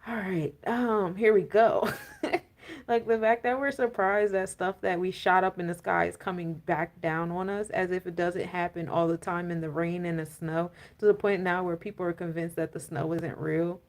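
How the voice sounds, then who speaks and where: A woman's voice: fairly low pitch, fairly even intonation, normal speed. A woman giving a casual, rambling astrology and tarot talk, full of fillers and laughing rants. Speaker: spiritual coach and tarot reader.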